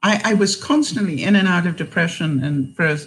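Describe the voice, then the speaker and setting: A woman's voice: lowish voice, lively intonation, brisk, low-quality recording. A woman hosting a casual livestream, chatting in a rambling way, laughing often and reading out viewer comments.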